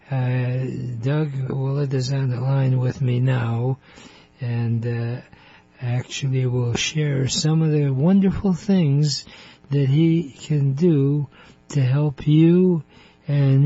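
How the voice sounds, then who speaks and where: A man hosting a radio interview show, talking slowly in a chatty way and laughing often. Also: mid-range voice, mellow, no room sound. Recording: muffled radio broadcast.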